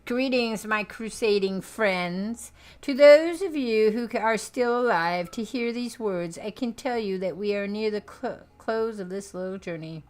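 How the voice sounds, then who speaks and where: A boastful supervillain mastermind, as a woman reading a comic aloud puts him on. He speaks with mock-polite menace and cackles in triumph, a touch above her usual pitch. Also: unhurried, darkish tone, close to an everyday voice. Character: gloating male supervillain mastermind. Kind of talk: comic book read aloud.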